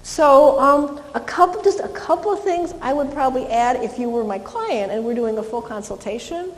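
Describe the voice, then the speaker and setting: A woman's voice: sits high, animated, normal speed. A woman dog trainer presenting a live seminar demonstration to an audience, explaining in a chatty way with many fillers and restarts. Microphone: handheld microphone. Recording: echoey hall, faint ambience.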